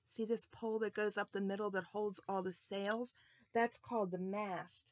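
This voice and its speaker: A woman telling a Bible story to children, expressive and asking her listeners questions. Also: medium pitch, normal speed, no room sound.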